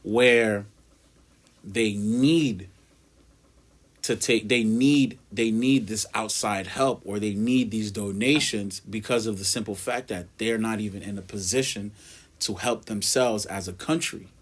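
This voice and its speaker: Low-voiced young man explaining on a podcast. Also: unhurried. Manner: earnest, explains step by step with figures. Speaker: podcast co-host. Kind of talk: casual podcast chat.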